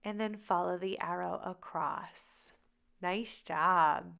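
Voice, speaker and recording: Woman, phonics teacher, extremely slow letter-by-letter delivery, bright crisp tone, careful guidance. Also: lowish voice. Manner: very slow, sounds out letters one by one. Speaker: reading teacher. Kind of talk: phonics drill for young children.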